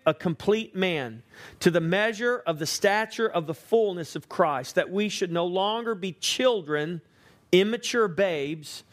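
A man preaching a sermon, emphatic, slowing to stress key words and asking the congregation questions. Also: high-pitched. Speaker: pastor.

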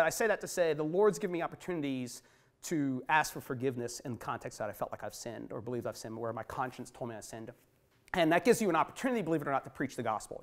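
Animated male street preacher telling stories. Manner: animated, wide swings from low and quiet to high and loud; conversational, many fillers and restarts. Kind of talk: storytelling in an interview.

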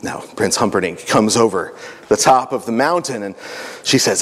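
A man's voice: fairly high pitch, animated, moderate pace. A man speaking at a family camp, retelling a story in a playful way with joking asides. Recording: echoey hall.

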